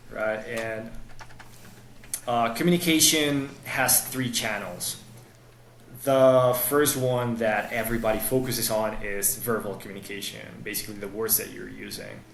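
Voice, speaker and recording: A man's voice: mid-range voice, a bit bright, echoey room, a little hiss or hum. A man explaining dating advice on a podcast in a coaching tone. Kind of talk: podcast conversation.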